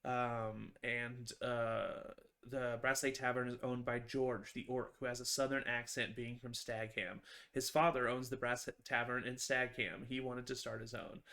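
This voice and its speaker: A man's voice: medium pitch, level tone, measured pace, sharp tone. A man, a tabletop game master, chatting casually on a video call, rambling with many fillers and restarts.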